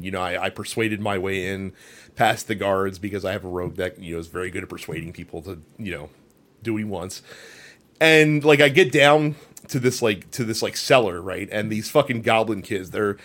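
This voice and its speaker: A man co-hosting a gaming podcast, telling a long game story in a rambling, animated way, full of fillers and swearing. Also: fairly low pitch, moderate pace. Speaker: podcast co-host. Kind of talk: casual chat.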